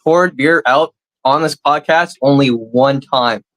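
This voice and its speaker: A man co-hosting a comedy podcast, arguing a mock debate in a blunt, crude, deadpan way. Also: mid-range voice, unhurried, dry recording, rough recording.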